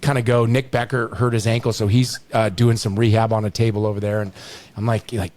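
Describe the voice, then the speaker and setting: Low-voiced middle-aged man telling stories. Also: flat delivery, a little fast, darkish tone, slight background noise. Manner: rambling, lots of restarts and "you know". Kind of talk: storytelling in casual chat.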